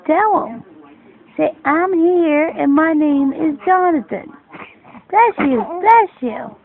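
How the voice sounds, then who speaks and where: A woman's voice: sits high, animated, slow pace. Mother cooing sing-song baby talk. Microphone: phone camera. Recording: tinny phone recording.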